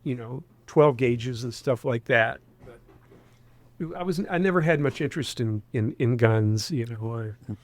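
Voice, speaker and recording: This interview guest is a man in his sixties from Huntington, West Virginia, with a faint Appalachian accent. His medium-pitched voice is a little slow, and he rambles conversationally, restarting phrases and leaning on fillers.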